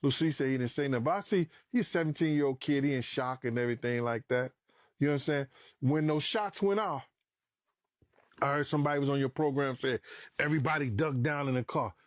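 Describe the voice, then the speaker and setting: A middle-aged man telling a story as a podcast guest in a casual, animated way, swearing freely and acting out what people said. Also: mid-range voice, brisk, no echo, studio quality. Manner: animated, acts out quoted dialogue, swears freely.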